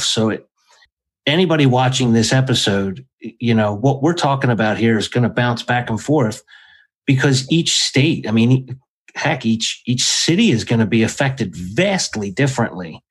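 A man's voice: mid-range voice, husky, rough recording. A man, a podcast guest, explaining his views emphatically in casual chat.

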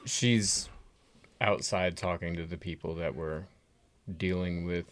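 Game master, man, low slow measured narration, dry. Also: steady tone, dry recording. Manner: measured, descriptive.

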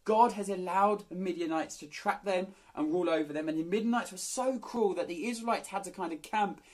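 A man reads a passage of Scripture and then talks it through in an easy, chatty sermon, his voice sitting a little high. He speaks plainly, with the odd filler and restart. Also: fairly quick. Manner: relaxed, conversational, with fillers. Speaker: preacher. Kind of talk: Bible reading and casual sermon.

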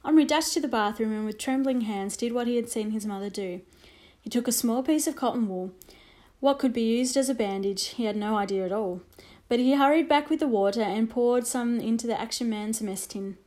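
A woman narrates a children's storybook in a measured, expressive way. Her voice sits a little high and sounds soft and mellow.

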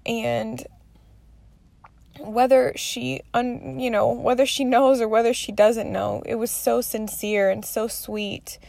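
A woman's voice: fairly high pitch, slow pace, gravelly, darkish tone, no room sound. A woman in her thirties talking candidly through her day in a rambling, confessional vlog, swearing freely. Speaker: mother sharing her day.

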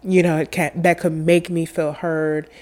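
A young woman telling a personal story in an earnest, halting way, tearful and full of fillers. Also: deep voice, flat delivery, a little mellow.

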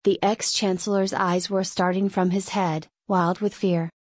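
A woman's voice: mid-range voice, flat delivery, unhurried, breathy edge, no echo. Woman narrating an audiobook, dry close sound. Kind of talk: scripted narration.

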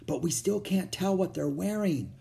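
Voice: mid-range voice, creaky, voice pushed up. A reader voicing an eager, brave young girl in a storybook reading. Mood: whispering. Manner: excited, quick to act.

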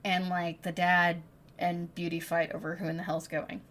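Woman retelling a book on a podcast, super animated, cussing, dramatic. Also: lowish voice, moderate pace. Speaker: podcast co-host. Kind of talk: casual book-club chat.

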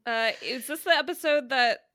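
A woman's voice: sits high, normal speed, pushed and bright, no room sound, studio quality. A woman appearing as a guest on a podcast, chatting casually, laughing easily and restarting her sentences. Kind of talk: casual recap chat.

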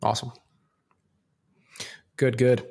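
A man's voice: medium pitch, monotone, takes it slowly, gravelly, darkish tone. A man co-hosting a podcast in casual chat, easygoing and asking the others questions. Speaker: podcast co-host.

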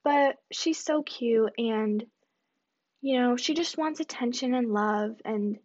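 A young woman talks through her solo podcast in a loose, rambling way, full of fillers and little self-deprecating asides. Her voice sits a bit high for a woman. The home recording sounds dull and lo-fi. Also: takes it slowly, darkish tone. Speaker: podcast host. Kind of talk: casual solo podcast chat.

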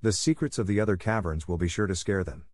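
A man reading the part of a scheming female house cat in an audiobook, speaking softly and coaxingly. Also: low voice, fast talker, dry recording, clean studio sound, lightly acted. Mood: persuasive. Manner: soft, coaxing.

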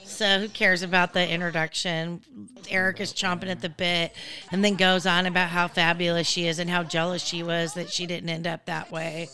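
A woman's voice: fairly low pitch, little pitch movement, normal speed, pushed and bright. A woman hosting a podcast, recapping a show in a chatty, blunt, profane way that wanders off on tangents. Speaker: podcast host. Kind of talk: casual recap commentary.

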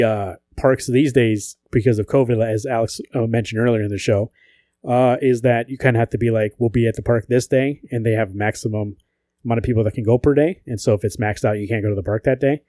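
On a dry recording, a mid-range male voice belongs to a podcast co-host. He swears, cracks jokes, and spins animated stories during casual conversation.

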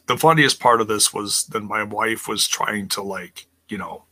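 A man streaming live runs through a wrestling show in a relaxed recap, exasperated as he chats with his audience and reads their comments aloud. His voice sits on the low side at a normal speed, bright and forceful.

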